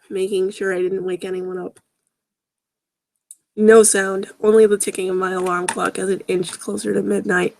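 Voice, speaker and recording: A woman's voice: mid-range voice, little pitch movement, measured pace, gravelly. A woman reading fan fiction aloud with sarcastic, groaning asides. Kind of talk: mocking dramatic reading with commentary.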